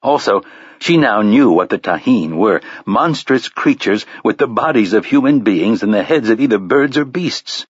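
A man narrating an audiobook in a measured storytelling manner, on a slightly dull recording. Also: on the low side, animated, breathy edge, dry recording. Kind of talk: scripted narration.

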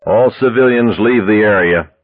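A man reading a story aloud, voicing police orders over a bullhorn in flat, commanding, chanted announcements. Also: fairly low pitch, normal speed, no echo, close to an everyday voice. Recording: dry tinny phone-like sound.

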